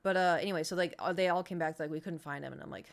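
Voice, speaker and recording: A woman's voice: on the low side, steady tone, racing, vocal fry. Woman rambling through a story. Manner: rambling, filler-heavy, restarts often. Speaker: streamer. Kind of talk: casual storytelling chat. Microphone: streaming setup.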